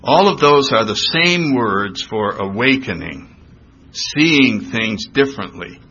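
Older man, bright, husky voice. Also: mid-range voice, slow pace. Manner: animated storytelling, acts out voices. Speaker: recovery speaker. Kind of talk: personal recovery talk. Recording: dull lo-fi recording.

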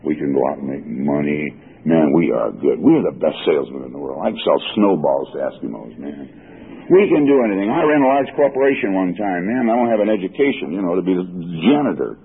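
A man's voice: low voice, animated, a little fast, vocal fry, husky, phone-quality sound. A man in his sixties telling his own recovery story at a meeting, folksy and emotional. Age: 60s. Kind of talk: personal recovery talk.

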